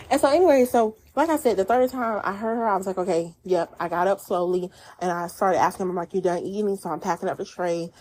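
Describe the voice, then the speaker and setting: Woman, casual storytime vlogger; low, mellow voice, faint background ambience. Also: a little hiss or hum. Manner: animated storyteller, quotes herself and others in dialect-rich speech. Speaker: vlogger telling a personal story.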